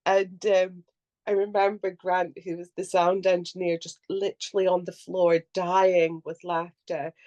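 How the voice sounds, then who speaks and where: A woman's voice: lowish voice, a little slow, dull audio. A young adult woman actor chatting casually on a podcast, telling stories with lots of laughter and acting out what people said. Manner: animated storyteller who acts out quotes and laughs often.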